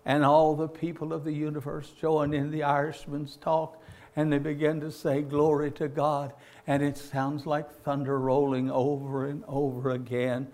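A male preacher with a fairly high-pitched voice delivers an impassioned sermon. He builds to loud, stretched-out peaks and keeps turning to his listeners as "my friend". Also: completely flat delivery, moderate pace.

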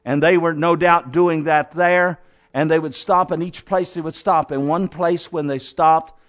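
A man preaching a sermon, retelling a story dramatically and swinging from hushed to loud. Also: sits high.

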